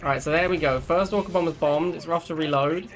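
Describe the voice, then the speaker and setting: Speaking quickly in a voice on the high side, a young gaming channel host commentates a strategy game match live. He's casual and chatty and laughs at his own jokes.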